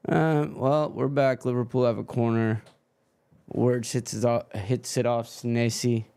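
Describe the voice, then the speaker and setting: A man hosts a live football watchalong, calling play and swearing at a stream that keeps cutting out. He talks slowly in a smooth, clear voice at an average pitch. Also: fairly even intonation, dark tone. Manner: swearing, grumbling over a freezing stream.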